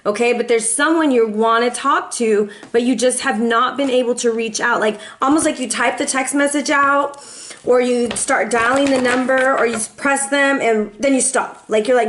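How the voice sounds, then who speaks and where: A woman's voice: a little high, normal speed, fairly bright tone. Chatty, playful woman reading tarot. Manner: chatty and playful, slips into sung lines and quoted voices. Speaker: tarot reader.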